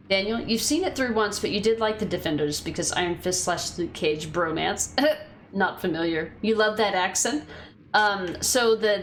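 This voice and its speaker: A woman's voice: medium pitch, a little hiss or hum. A woman streaming a game, chatting casually, swearing freely and answering her chat. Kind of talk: casual gameplay commentary.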